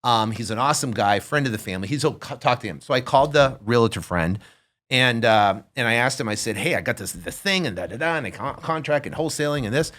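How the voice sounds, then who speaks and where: A fast-talking man with a medium pitch, in his fifties, tells a story as a podcast guest. Chatting casually, he's animated and performs the voices of the people in his tale.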